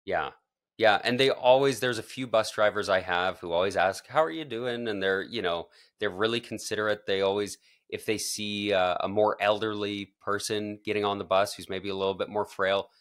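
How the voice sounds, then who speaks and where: A man's voice: on the low side, normal speed, a bit bright. A man co-hosting a podcast, chatting casually and animatedly, often breaking into laughter. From Canada. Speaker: podcast co-host. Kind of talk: casual chat.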